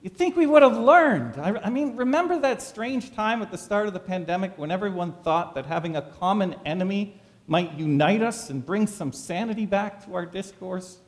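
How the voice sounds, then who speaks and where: A pastor preaching a sermon, full of dramatic rhetorical questions. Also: male voice, high voice, lively intonation, normal speed, long reverb tail.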